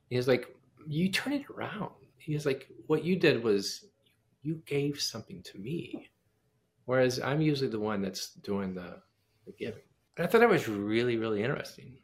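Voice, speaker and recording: Man with a gravelly voice telling a lively story. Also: mid-range voice, normal speed. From United States. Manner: animated storyteller acting out quoted dialogue. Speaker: pianist and composer, guest. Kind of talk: casual interview storytelling.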